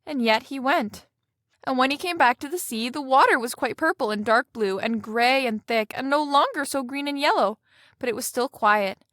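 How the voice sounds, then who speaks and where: A woman with a high, light voice reads a fairy tale aloud in a gentle storybook manner. The sound is close and dry, with no room around it. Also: normal speed, dry recording.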